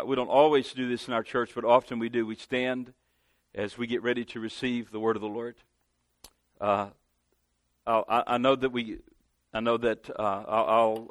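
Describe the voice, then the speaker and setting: A man's voice: medium pitch, level tone, moderate pace, dry recording. Southern US male guest preacher, earnest, calls for amens, dry sound. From Southern United States. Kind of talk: sermon. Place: church sanctuary.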